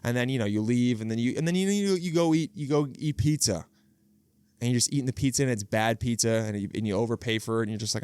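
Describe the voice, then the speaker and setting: Here a thirtysomething man hosts his podcast solo by the water outdoors, using a video podcast camera setup that gives studio-quality sound with no room noise. His clear, resonant, medium-pitched voice moves fairly quickly through a comedic, profane, rambling bit, restarting often.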